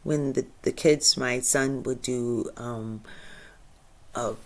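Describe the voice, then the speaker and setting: Woman, deep voice, inspirational monologue, expressive, frequent laughter. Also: slow. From Michigan. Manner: emotional, laughs often, swings from soft to loud. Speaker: spiritual channel host.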